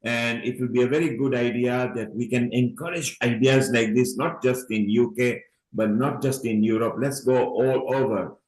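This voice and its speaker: A man's voice: medium pitch, steady tone, normal speed, few pauses, roomy sound, low-quality recording. A man hosting an online event in a chatty way, calling people honey and urging everyone on over a video call. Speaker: event host. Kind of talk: casual online event talk.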